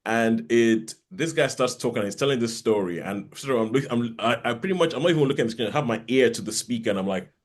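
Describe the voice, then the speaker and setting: A man's voice: mid-range voice, lively intonation, quick pace, hardly any pauses. A man co-hosting a podcast, chatting casually and rambling with frequent restarts. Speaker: podcast co-host. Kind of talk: casual chat.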